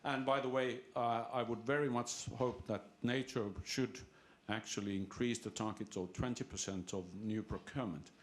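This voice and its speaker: A man asking a long, halting question from the floor at a seminar, full of restarts and fillers. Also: mid-range voice, steady tone. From Finland. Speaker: audience member asking a question.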